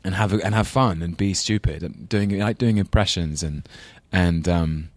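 Very deep-voiced London Englishman. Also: dry recording. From England. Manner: thoughtful, rambling, quick to laugh. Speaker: actor, talk show guest. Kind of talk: casual chat.

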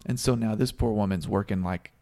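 Gravelly low-voiced man telling a story. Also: fairly quick, mellow. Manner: storytelling, laughs often. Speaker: podcast co-host. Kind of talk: casual sports chat.

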